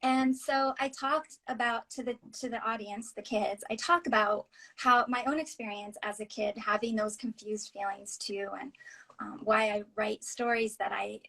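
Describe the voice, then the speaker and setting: A woman author telling personal stories in a conversation, earnest and halting, sometimes dropping her voice low and soft. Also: steady tone, vocal fry, rough recording. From United States. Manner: earnest, halting, drops softly near a whisper at times. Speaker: author and interview guest.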